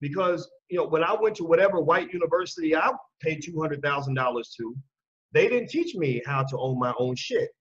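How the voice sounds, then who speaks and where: A man hosting his own channel, talking in a combative, animated commentary monologue. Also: a little high, brisk, husky, muffled recording. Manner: animated and combative, acts out quoted voices. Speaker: channel host.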